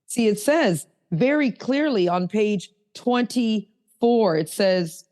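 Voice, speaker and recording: A middle-aged woman co-hosting a podcast, talking earnestly and slowing down to stress key phrases as she reads passages aloud from a book. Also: mid-range voice, animated, a little mellow. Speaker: podcast co-host. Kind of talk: casual podcast talk reading from a recovery book.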